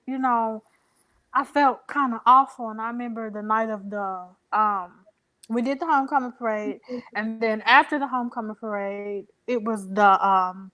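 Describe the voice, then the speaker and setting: Emotional young woman, higher voice. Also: fairly bright tone. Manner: emotional, halting, many fillers. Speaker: interview guest. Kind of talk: personal storytelling.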